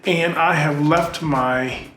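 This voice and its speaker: A man, a double bass player, chatting casually to camera at night in his apartment, rambling and poking fun at himself. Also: fairly even intonation, slow pace, fairly bright tone, echoey room, faint music behind. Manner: chatty, rambling, self-mocking.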